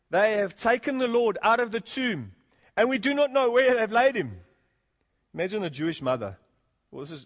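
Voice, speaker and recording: A man preaching an earnest expository sermon, often rising to emphatic points and chuckling between them. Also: sits high. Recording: long hall reverb.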